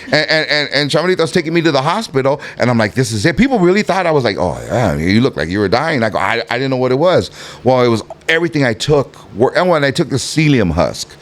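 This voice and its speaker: A middle-aged man with a Southern California Chicano accent, telling a profane, animated story as a podcast guest and acting out the voices in it. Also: medium pitch, quick pace. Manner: animated, profane, acts out every voice in his stories. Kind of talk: casual storytelling in a podcast interview.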